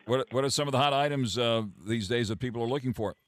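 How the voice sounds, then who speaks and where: Halting male radio talk host. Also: mid-range voice, a bit bright, no room sound. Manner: halting, repeats words with frequent uh. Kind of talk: radio business talk and market report. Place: radio studio.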